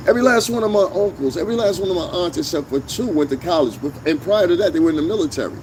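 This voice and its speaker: A man hosting a commentary vlog rants bluntly and opinionatedly, with heavy profanity and emphatic jabs. His voice is on the high side and darkish in tone, animated and rapid-fire with hardly any pauses, over slight background noise.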